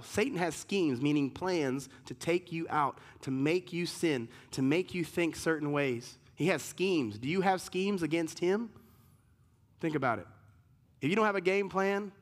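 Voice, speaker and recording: A man preaching a sermon as pastor, emphatic, rising sharply in pitch when he reads scripture aloud. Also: moderate pace.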